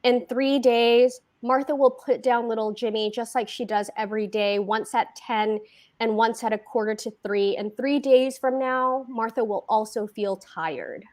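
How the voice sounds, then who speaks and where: A woman author reading her own fiction aloud at a book event, slow and deliberate with dramatic pauses. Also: on the high side, fairly even intonation.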